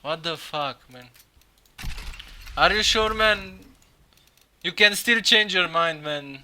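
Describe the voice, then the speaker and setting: Young male streamer, high voice, very bright tone, excitable, swearing and laughing. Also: slow. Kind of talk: casual live-stream reaction.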